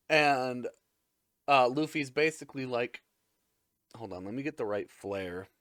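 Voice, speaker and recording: A man's voice: mid-range voice, expressive, unhurried, fairly bright tone, no echo, studio quality. A man hosting a casual episode recap, rambling, crude and jokey. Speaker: anime recap host.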